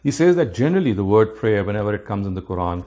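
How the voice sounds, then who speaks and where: Man methodically explaining scripture, low-pitched. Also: very animated, mellow. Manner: methodical, often restarts phrases, recites verses rapidly. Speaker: religious teacher.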